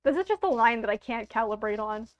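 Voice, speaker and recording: A woman's voice: on the high side, expressive, fast, no echo, highs cut off. A woman streamer giving casual, offhand let's-play commentary.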